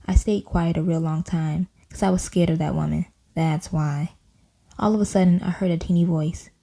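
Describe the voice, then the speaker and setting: Casting: a woman narrating a kids' storybook, playful and animated, with a low, deep, dark tone. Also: normal speed, gravelly. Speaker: audiobook reader. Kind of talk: children's storybook reading.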